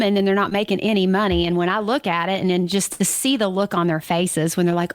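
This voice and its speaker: A woman's voice: medium pitch, fast talker, few pauses, dry recording. Chatty emphatic woman financial advisor. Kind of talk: casual radio show chat.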